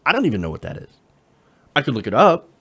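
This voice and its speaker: A man's voice: medium pitch, huge pitch swings, quick pace, bright, forceful tone, breathy edge. A young man hosting a political commentary show, sarcastic and incredulous as he swears his way through a rant. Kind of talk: opinionated news commentary.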